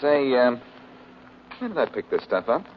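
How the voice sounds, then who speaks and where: An actor playing a wry, wisecracking detective who is cool and charming, in 1940s radio acting. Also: male voice, medium pitch, sing-song, moderate pace, a little hiss or hum, close to an everyday voice. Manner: wry, smooth, quipping. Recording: lo-fi old radio recording.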